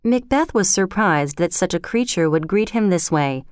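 Woman storyteller, measured narration, smooth resonant voice, dry close recording. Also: lowish voice, animated, a little mellow, no echo.

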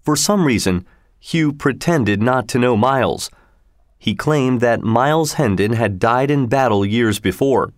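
A man narrating a story in a steady, measured reading. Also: medium pitch, dry recording, clean studio sound.

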